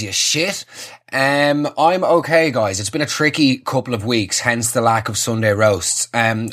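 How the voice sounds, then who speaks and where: A man's voice: medium pitch, a bit bright. A young man, a comedian hosting his own show, talking to camera in a wry, self-mocking way with sweary asides. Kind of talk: casual comic monologue to camera.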